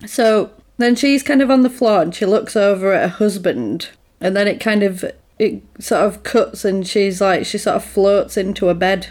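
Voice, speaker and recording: A woman chatting loosely about a film, voice sitting at an ordinary middle pitch. She rambles and hedges with filler words as she walks through the plot, casual and unscripted. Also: normal speed, a little mellow. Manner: rambling, full of "like" and "sort of". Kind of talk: casual chat recapping a film.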